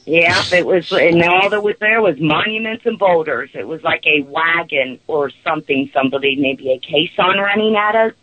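A woman's voice: sits low, animated, normal speed, hardly any pauses, a crowd in the background, low-quality recording. A woman caller telling a personal story in a rambling way, with nervous laughs.

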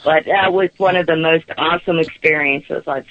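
A woman's voice: sits low, fairly even intonation, moderate pace, a bit bright, no echo, dull audio. A woman caller telling a personal story in a rambling way, with nervous laughs.

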